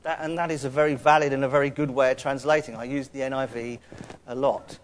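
A man's voice: mid-range voice, little pitch movement, fast, a little hiss or hum. A man with a London accent giving a sermon in a chatty, conversational way, with asides to the congregation. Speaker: preacher.

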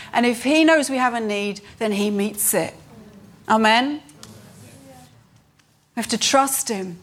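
A woman delivers an earnest sermon in a fairly high voice. She lifts her pitch to stress key points and slows down when reading scripture aloud. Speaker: preacher.

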